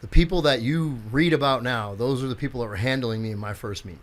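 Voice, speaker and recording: A man's voice: medium pitch, fast. A man in his sixties, a physical therapist and strength coach, telling stories as a podcast guest with lots of acted-out quotes and casual swearing. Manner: animated storyteller who acts out quotes and swears freely. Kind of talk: casual storytelling in a podcast chat.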